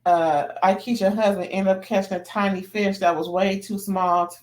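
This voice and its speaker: A woman's voice: mid-range voice, steady tone, moderate pace. A woman chatting casually as she recaps a reality TV episode, gossipy and slangy, laughing often between remarks. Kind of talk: casual commentary.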